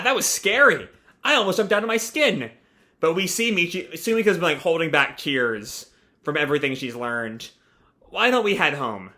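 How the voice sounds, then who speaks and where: Brief: young male reaction host, casual and rambling, bright and forceful tone, slightly high. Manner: casual, rambling, many fillers. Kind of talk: live reading and reaction.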